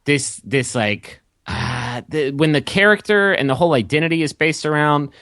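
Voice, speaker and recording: A man guest on a podcast, rambling and animated, swearing and laughing as he gets worked up. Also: on the high side, moderate pace, no echo, studio quality. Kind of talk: casual podcast chat.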